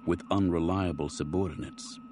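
A man voicing a stern male Jedi master who speaks evenly, low and measured. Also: fairly even intonation, noisy background, natural voice.

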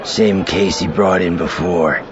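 Guy playing a nervous security aide, quiet reports, muffled sound. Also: sits low, steady tone, measured pace, crowd noise, noisy background. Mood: dutiful. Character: dutiful male security aide.

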